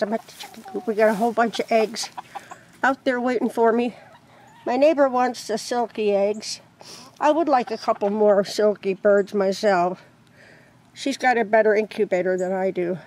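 A woman's voice: medium pitch, steady tone, moderate pace, a little mellow. A woman chatting casually and rambling, laughing often, outdoors by a chicken coop. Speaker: crochet vlogger. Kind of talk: casual vlog chat.

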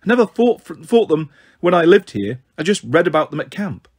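A man's voice: a little high, very animated, a little fast, husky, exaggerated voice. A man voicing a tough, blunt teenage girl. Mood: terse.

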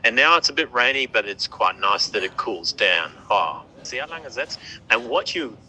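A man giving a live product demo on a phone call outdoors by the water, talking haltingly with repeated words and fillers. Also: medium pitch, animated, sharp tone. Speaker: tech demo presenter.

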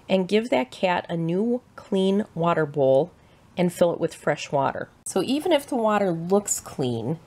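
A woman with a Midwestern American accent giving a clear, measured, scripted presentation as a shelter educator. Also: fairly low pitch, darkish tone.

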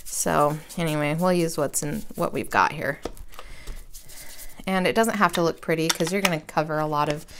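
Woman, 30s, lowish voice, rambling self-deprecating craft vlogger talking at her desk. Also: moderate pace, noisy background. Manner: chatty, rambling and self-deprecating, with slangy asides. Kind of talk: casual craft tutorial chat.

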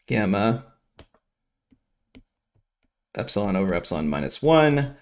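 A middle-aged man from New Jersey giving a casual economics lecture, working through equations aloud with rambling asides and frequent self-interruptions. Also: lowish voice.

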